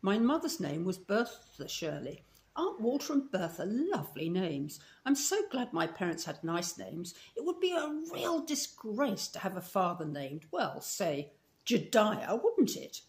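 A woman's voice: mid-range voice, big pitch swings, unhurried. A woman with a Scottish accent reading aloud as a talkative, romantic eleven-year-old orphan girl in a storybook. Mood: chatty. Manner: gushing, romantic, breathless run-on talk.

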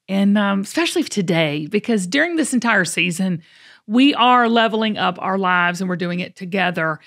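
A middle-aged woman, hosting a casual podcast chat as an animated storyteller who laughs often. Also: mid-range voice. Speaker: host.

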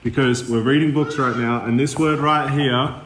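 A man's voice: mid-range voice, steady tone, moderate pace, fairly bright tone. A man with an Australian accent, playfully teasing his small son in a home video. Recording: echoey home video with faint noise.

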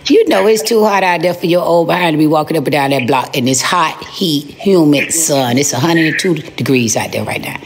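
A woman hosting a live stream, roasting the person on the phone in a sassy, scolding way with drawn-out emphasis. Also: low-pitched. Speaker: live-stream host making prank calls. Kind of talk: brash comic phone roasting.

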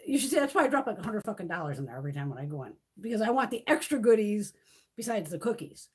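A middle-aged woman hosting a beauty livestream, chatting casually and telling animated stories, swearing freely. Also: mid-range voice, racing, husky.

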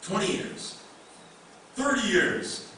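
A man's voice: high voice, animated, takes it slowly, pushed and bright, a little hiss or hum. A male pastor preaching a sermon in a conversational way, with many rhetorical questions. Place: church sanctuary. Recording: echoey room mic from a distance.

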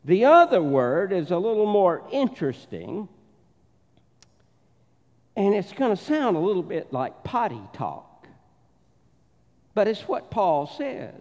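Slow and sing-song, with long pauses, this Southern pastor has a voice that sits high yet sounds darkish. His sermon in the church sanctuary is made of stories in which he performs the voices of the people involved. Long church reverb hangs over the dull sound.

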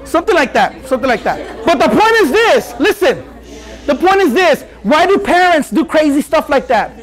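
A man's voice: very high voice, moderate pace, some chatter behind. A man preaching to a youth group, telling stories and acting out scenes with Spanish phrases. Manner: animated storyteller, acts out scenes, mixes in Spanish phrases. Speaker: youth pastor. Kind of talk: youth sermon with storytelling. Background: audience laughing and responding.

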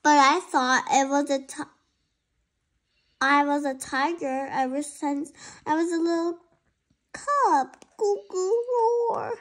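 An earnest little she-cat from a storybook who insists she is a tiger, as a child reads her lines aloud. She sounds high and speaks very slowly. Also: fairly bright tone. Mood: insistent.

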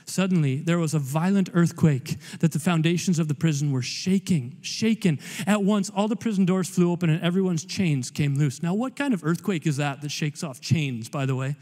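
A man preaching as a guest pastor, animated and conversational, with playful asides. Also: fairly high pitch, moderate pace, hardly any pauses. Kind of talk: sermon. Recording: long hall reverb.

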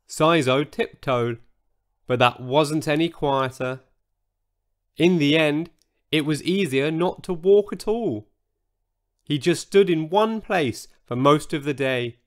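A man reading a children's bedtime story aloud in a slow, expressive storyteller manner. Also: fairly high pitch. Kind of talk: scripted children's story narration.

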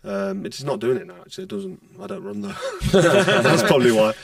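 A retired boxer, telling stories bluntly in a casual podcast chat and swearing freely. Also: male voice, medium pitch, big pitch swings, fairly quick, creaky, dry recording, clean studio sound, recorded from a distance. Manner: blunt, swears freely, acts out quoted dialogue.

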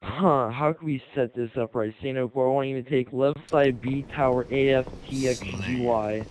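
A man's voice: medium pitch, normal speed, a little mellow. Guy on a gaming headset, bossy jokey trash talk, gunfire noise all over it. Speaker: online gamer. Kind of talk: casual game voice chat. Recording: noisy headset chat with gunfire. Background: game gunfire and vehicles.

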